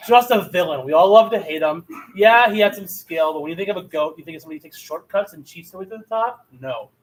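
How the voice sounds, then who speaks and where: A man's voice: sits high, fast, slight background noise, rough recording. A man giving a mock-serious debate speech with impassioned, theatrical outrage.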